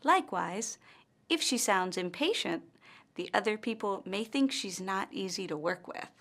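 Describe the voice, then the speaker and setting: A woman with an American accent, an English instructor giving a scripted lesson in a slow, deliberate, carefully articulated way. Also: medium pitch, lively intonation, fairly bright tone. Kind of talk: scripted teaching narration.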